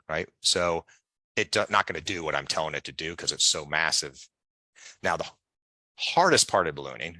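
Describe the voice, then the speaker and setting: Speaking low with a bright, forceful tone and no echo, this man is a guest in an interview. He spins long, chatty stories that wander off on tangents, voicing the people he quotes as he goes.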